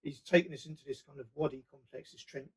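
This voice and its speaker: A man telling casual, animated stories as a podcast guest. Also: a little high, fast, breathy edge, low-quality recording. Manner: lively, animated anecdote-telling. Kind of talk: casual storytelling.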